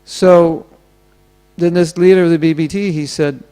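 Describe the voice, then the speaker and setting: This temple speaker's voice sits on the high side with a darkish tone, and his pace is moderate. He preaches through stories, acting out the speech of each figure.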